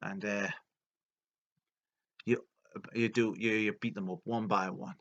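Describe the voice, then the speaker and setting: A man retelling video game lore as a comedy, rambling and deadpan with many fillers. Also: lowish voice, slow, dull audio.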